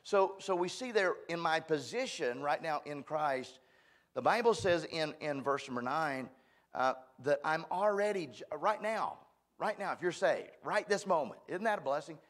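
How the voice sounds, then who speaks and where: A man's voice: fairly high pitch, expressive, moderate pace, fairly bright tone. A man preaching a sermon at a church, folksy and emphatic, joking at his own expense. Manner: folksy, emphatic, self-deprecating. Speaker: guest preacher.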